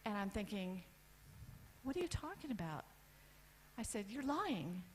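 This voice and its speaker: A woman in her fifties from the United States telling a personal story on stage, candid, with lists and pauses for effect. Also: mid-range voice, sing-song, slight background noise, rough recording. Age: 50s. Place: event stage.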